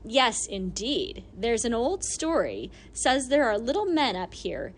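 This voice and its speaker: A woman reading an audiobook voices a brisk, bossy little old lady who scolds and teases. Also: on the high side, big pitch swings, a little hiss or hum. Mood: teasing.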